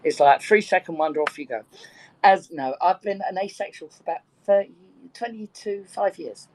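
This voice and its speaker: A woman in her sixties from Birkenhead, England, with a London-tinged English accent, joins a live audio chat room for casual chat. She's a bawdy, chatty storyteller who laughs easily, speaking at normal speed in a fairly low, slightly mellow, animated voice. The audio is poor.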